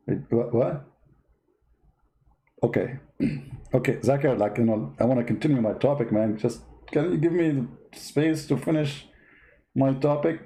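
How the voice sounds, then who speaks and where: A man's voice: a little high, normal speed, dark tone, low-quality recording. A man from the Middle East hosting a religious debate video, giving a sarcastic, mocking comedic monologue.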